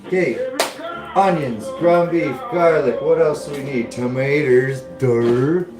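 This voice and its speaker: A relaxed American man talks his way through a live cooking stream, chatting loosely with viewers between tasks. His voice bounces around a roomy home kitchen. Music plays clearly in the background the whole time. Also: mid-range voice, takes it slowly. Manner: laid-back, rambling, talks to viewers while cooking. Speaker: livestream host cooking. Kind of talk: casual rambling live-stream chat. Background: blues or country music playing.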